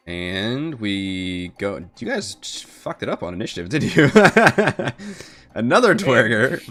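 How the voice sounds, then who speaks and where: A man's voice: mid-range voice, sing-song, slow, a bit bright, faint music behind. A man running a tabletop game as game master, teasing the players, laughing often and swearing freely.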